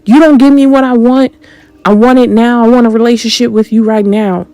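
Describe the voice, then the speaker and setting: A woman's voice: a little high, fairly even intonation, a little fast, dark tone, dry recording, lightly acted. Woman mocking a needy, pushy male god. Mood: demanding. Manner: demanding, whiny, threatening.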